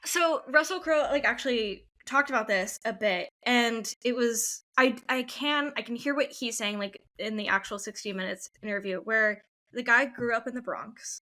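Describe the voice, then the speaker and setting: A woman's voice: fairly high pitch, moderate pace, sharp tone. A woman co-hosting a podcast in casual chat, emphatic and sweary, with plenty of verbal fillers. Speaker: podcast co-host.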